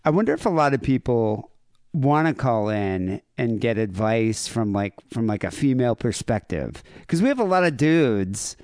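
A man co-hosting a podcast in casual, rambling banter, crude and quick to laugh. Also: medium pitch, sing-song, darkish tone, smooth, dry recording, studio quality. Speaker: podcast co-host.

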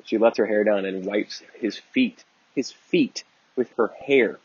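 Low husky guy teaching the bible, rambly and earnest, dull dry recording. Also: measured pace, a little mellow, dry recording. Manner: earnest, digressive, with frequent restarts. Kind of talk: conversational teaching talk.

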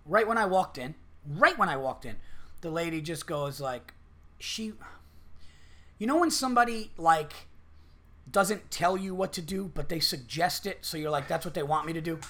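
Podcast host, male, a bit high, bright and forceful tone, swears freely, acts out quotes. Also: lively intonation, normal speed. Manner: profane, rambling storytelling with acted-out quotes. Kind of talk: casual podcast chat.

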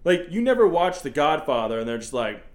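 Man co-host, higher voice, quick and jokey, recapping a movie with funny bits. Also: sing-song. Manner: joking, quick, often acts out scenes in voices. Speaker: podcast co-host. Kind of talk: casual movie recap chat.

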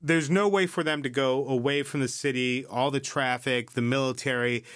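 A man's voice: mid-range voice, steady tone, moderate pace, a bit bright, no room sound, clean studio sound. A man hosting a podcast, retelling a story in a loose, chatty way, cursing freely, asking "right?" often and skipping ahead with "yada, yada". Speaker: podcast host. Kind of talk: casual chat, episode recap.

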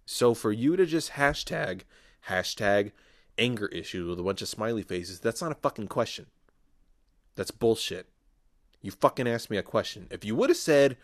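A man hosting his own podcast alone, ranting casually and swearing freely, quick to flare up. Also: deep voice, no room sound, studio quality. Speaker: podcast host.

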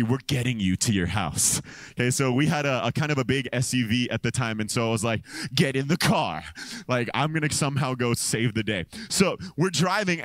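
Animated preacher man, dry close mic. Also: no room sound. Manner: animated storyteller, swings between a low deadpan and excited high exclamations. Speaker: pastor. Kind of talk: sermon with a storytelling anecdote. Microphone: handheld or stand microphone.

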